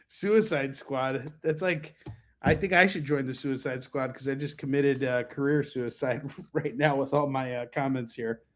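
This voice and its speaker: American man hosting a live comic sales stream; loose, joking patter full of ums, medium-pitched everyday voice. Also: a little slow. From United States. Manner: rambling, joking, lots of ums and asides. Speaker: host and comic book seller.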